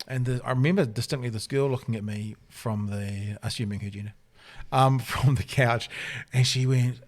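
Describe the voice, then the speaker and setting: A man's voice: mid-range voice, moderate pace. A New Zealand man hosting a casual podcast chat, telling stories and acting out the voices of people he quotes. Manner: animated storyteller, acts out quoted voices. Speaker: podcast host. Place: hotel room by a lake.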